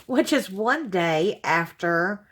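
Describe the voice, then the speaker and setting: A woman's voice: mid-range voice, lively intonation, slow pace, a bit bright. A woman, hosting her channel and chatting to viewers as she opens gifts, gushing and sentimental with frequent exclamations. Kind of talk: casual unboxing chat to viewers.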